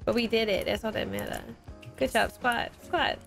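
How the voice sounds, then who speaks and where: An upbeat young woman with a somewhat high voice, chatting casually through a team shooter match. She fires off quick repeated callouts and laughs often, with game music playing clearly behind her. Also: fairly even intonation. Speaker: streamer. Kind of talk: casual gameplay chat with teammates. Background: game music and sound effects.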